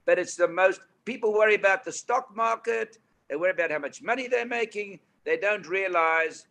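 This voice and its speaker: A man in his eighties with a South African accent, telling anecdotes as an interview guest in a lively, animated way. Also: a little high. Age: 80s. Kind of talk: storytelling interview. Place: indoor studio couch.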